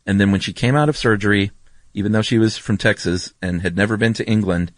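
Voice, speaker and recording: A man's voice: fairly low pitch, quick pace, dry recording. A man co-hosting a podcast in casual chat, explaining things with frequent ums. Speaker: podcast co-host.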